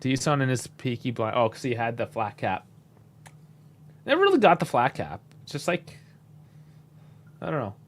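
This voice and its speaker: Man, live match reaction host, chatty, laid-back, chuckling, mid pitch. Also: huge pitch swings, normal speed, pauses often.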